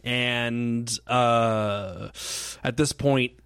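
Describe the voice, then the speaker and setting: A man's voice: mid-range voice, fairly even intonation, very slow, a bit bright, smooth, no echo, clean studio sound. A man co-hosting a casual podcast, telling a rambling story, laughing often and acting out the lines of the people he quotes. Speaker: podcast co-host.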